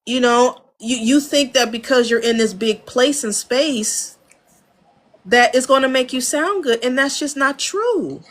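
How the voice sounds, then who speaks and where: A fairly high-voiced American woman talks shop in a relaxed interview. She is frank and animated, slipping into quick impressions of studio sessions and laughing easily, speaking from her home studio. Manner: animated storyteller, acts out studio dialogue. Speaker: audio engineer and producer, guest. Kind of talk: casual interview talk.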